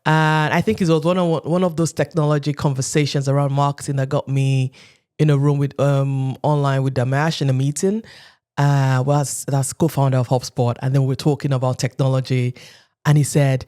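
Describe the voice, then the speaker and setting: A woman's voice: very deep voice, level tone, brisk, dark tone. Woman from nigeria, 30s, chatty storyteller, acts out quotes, laughs a lot. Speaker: guest. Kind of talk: casual interview talk.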